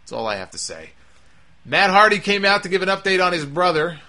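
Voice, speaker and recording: A man's voice: high-pitched, big pitch swings, a little fast, sharp tone. A man hosting a podcast, recapping a wrestling show in chatty, opinionated commentary with frequent fillers and asides.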